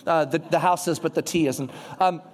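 A young man preaching a sermon, telling the story in a lively way and acting out the people in it. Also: a little high, normal speed. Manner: animated storytelling, acting out characters.

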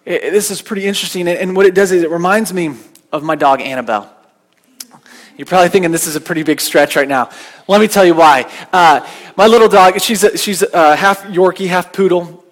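A man's voice: high voice, fairly quick. A man preaching a sermon in a conversational, storytelling way, often restarting his words. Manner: conversational, anecdotal, repeats words when restarting. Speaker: pastor.

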